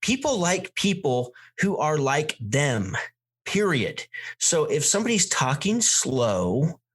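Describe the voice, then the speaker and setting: A man's voice: fairly high pitch, slow pace, breathy edge. A man hosting a coaching talk, speaking energetically and emphatically, shifting his pace and volume to make his points. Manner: energetic, emphatic, plays with tempo and volume to demonstrate. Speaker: sales coach host.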